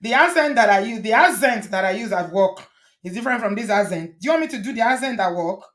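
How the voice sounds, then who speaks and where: A woman's voice: mid-range voice, lively intonation, quick pace, over a noisy crowd. A middle-aged woman hosting a casual live-stream chat, talkative and teasing, laughing often as she goes. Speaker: host.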